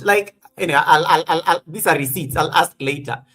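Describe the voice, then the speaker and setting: A man hosts a casual livestream, upbeat while he reads the chat and thanks members. His voice sits a little higher than most men's. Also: fairly quick, bright, forceful tone. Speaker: host.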